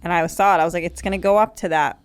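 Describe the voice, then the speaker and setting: A woman's voice: fairly low pitch, very fast, clear, resonant tone, dry recording. A woman in her thirties hosting a comedy podcast, telling blunt, profane stories in casual chat. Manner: blunt, profane, animated storytelling with impressions. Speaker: podcast host.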